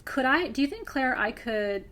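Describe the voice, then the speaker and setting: A woman who teaches spiritual practice, talking earnestly to her students close to tears, dropping to a hush and then rising with bright laughs. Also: sits high, expressive, normal speed. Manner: earnest, swings between hushed intensity and laughing brightness. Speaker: spiritual teacher hosting a member Q&A. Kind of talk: emotional heartfelt address to students.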